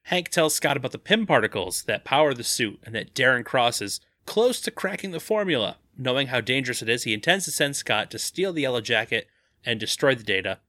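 Lively bright-voiced podcast co-host. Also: male voice, mid-range voice, no room sound, clean studio sound. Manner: reads plot summaries quickly, laughs often. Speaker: podcast co-host recapping the plot. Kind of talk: casual podcast chat.

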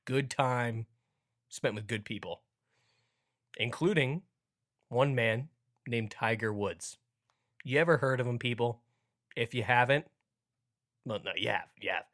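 A man's voice: mid-range voice, a little slow, pauses often, fairly bright tone. A young man hosting a casual sports podcast, joking around and playing up a mock ad read. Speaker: podcast host.

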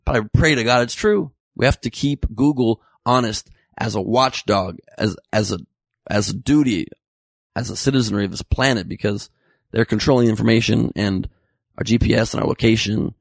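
A man hosting a casual comedy talk show, rambling and joking through quick tangents with his guest. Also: lowish voice, vocal fry, no echo. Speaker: podcast host.

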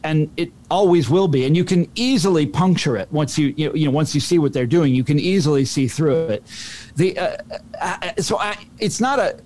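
A male author guest explains his ideas at length, often stumbling and restarting words. His voice sits a little higher than most men's. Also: normal speed, darkish tone. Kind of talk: interview answer.

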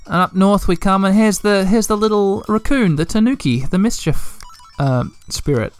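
A gaming podcast host giving playful, animated let's play commentary, full of sound effects. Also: mid-range voice, normal speed, smooth, faint music behind.

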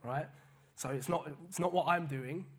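A man preaching a casual sermon, animated, often repeating words and paraphrasing scripture. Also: a little high, normal speed, breathy edge.

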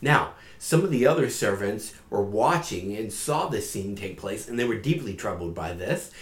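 A man's voice: on the low side, expressive, normal speed. A man retelling a parable in a casual storytelling sermon, with fillers along the way. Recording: echoey room.

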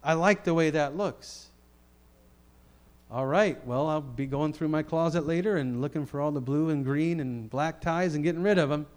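A middle-aged man preaching a sermon in a conversational, animated way, swinging between loud declarations and quiet asides. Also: a little high, fairly quick, few pauses.

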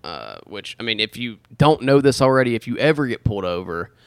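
A man chats about a movie with plenty of profanity and deadpan jokes. His pitch swings animatedly from phrase to phrase. He is miked close in a dry, dead room. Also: gravelly, clean tone, no echo. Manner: profane, joking, quick bursts with lively pitch swings. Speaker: podcast co-host. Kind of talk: casual chat recapping a movie.

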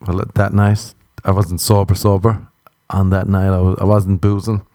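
With a level, dark tone at normal speed, a young man from Ireland delivers a casual monologue of self-deprecating comic stories. For quotes he switches into silly high voices; the studio sound is clean, with no echo.

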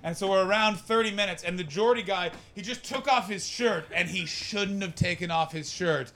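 A man's voice: high-pitched, moderate pace, vocal fry, bright, forceful tone. A man doing stand-up comedy, telling a rambling, crude, self-mocking story and chatting with people in the crowd. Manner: talks with the crowd.

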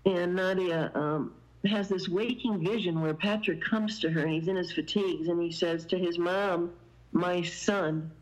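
A woman's voice: fairly low pitch, fairly even intonation, normal speed, poor audio. A woman guest telling a long story in casual conversation, meandering and sprinkling in fillers. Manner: meandering, many "you know" fillers.

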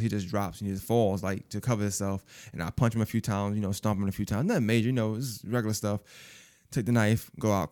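A man telling a personal story in casual, profane speech, acting out other people's lines as he goes. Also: fairly low pitch. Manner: animated, profane, acts out quoted voices.

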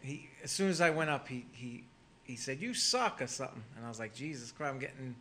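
A man's voice: medium pitch, fast talker, pushed and bright, a little hiss or hum. A man guesting on a comedy podcast, telling a heckler story in a dry, understated way. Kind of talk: casual chat.

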